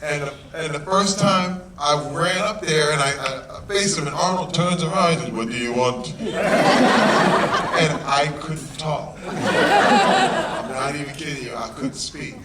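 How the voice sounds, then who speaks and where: A man telling a story at a premiere Q&A, lively and laughing, acting out quotes. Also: a little high, unhurried, very noisy. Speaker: guest actor at a premiere Q&A. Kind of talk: animated storytelling in a Q&A. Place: large cinema hall with audience. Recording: echoey hall recorded from far off. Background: loud audience crowd.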